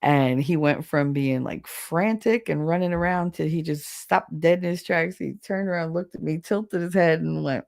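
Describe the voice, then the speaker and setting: Chatty woman with a deep, gravelly voice. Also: moderate pace. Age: adult with children. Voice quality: low deep voice. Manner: chatty, animated storytelling, laughs often. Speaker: livestream podcast host. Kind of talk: casual livestream chat reading the chat.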